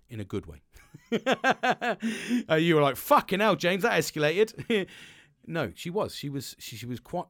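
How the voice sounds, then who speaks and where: Man, podcast host, rambling, sweary, dry close sound, mid pitch. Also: no echo. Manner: rambling, swears freely, frequent laughs. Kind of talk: casual motivational monologue.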